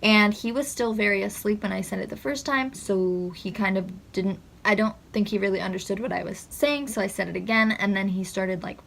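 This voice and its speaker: Gravelly-voiced young woman vlogger. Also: medium pitch, fairly quick, few pauses, a bit bright. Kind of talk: personal storytime recounting.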